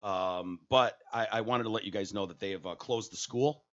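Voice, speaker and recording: Rambling low-voiced podcast host, man. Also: moderate pace. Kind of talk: casual podcast chat. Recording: dull lo-fi audio.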